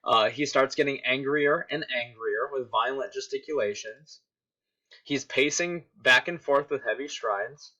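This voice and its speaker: Male teacher, recorded lesson, explanatory, crisp bright tone, slightly muffled sound. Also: mid-range voice, a little slow. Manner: explanatory, checks in with "right?". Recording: dull lo-fi recording.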